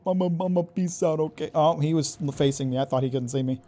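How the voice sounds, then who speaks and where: A man streaming a video game live, reacting excitably, swearing and taunting the enemies he fights. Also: on the high side, fast, a little hiss or hum. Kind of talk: live gameplay commentary.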